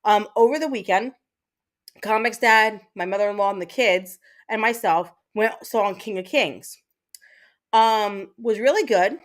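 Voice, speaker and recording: A woman's voice: medium pitch, a little slow. Chatty, rambling woman livestream host. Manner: chatty, rambling, lots of fillers and swearing. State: mentally exhausted. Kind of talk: casual chat with live viewers.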